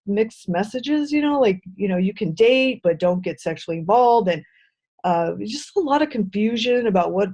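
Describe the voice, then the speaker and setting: A middle-aged woman guest recounting her personal story in a quiet, reflective, hesitant way. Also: fairly high pitch. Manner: soft-spoken, reflective, hesitant with "um" and "uh". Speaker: interview guest.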